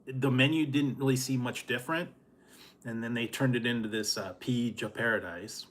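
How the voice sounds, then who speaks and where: A man's voice: medium pitch, fairly even intonation, moderate pace, fairly bright tone. A man hosting a casual food review vlog, rambling and chuckling often.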